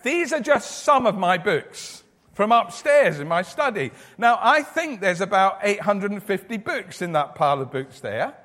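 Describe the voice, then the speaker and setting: A man giving a lively children's talk in church, asking the children questions as he goes. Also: sits high, a little slow, few pauses. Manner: animated, asks children questions. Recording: echoey church hall.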